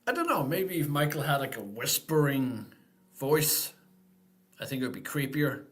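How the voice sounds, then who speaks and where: A man's voice: medium pitch, sing-song, moderate pace, a bit bright. A man hosting a casual live-stream Q&A, talking in an easygoing, rambling way and thinking aloud.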